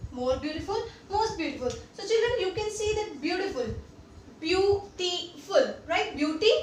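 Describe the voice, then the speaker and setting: A young woman with an Indian English accent teaching a grammar lesson, often repeating examples and asking if things are clear. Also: sits high. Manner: repeats examples and checks understanding. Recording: echoey room, distant mic, faint noise.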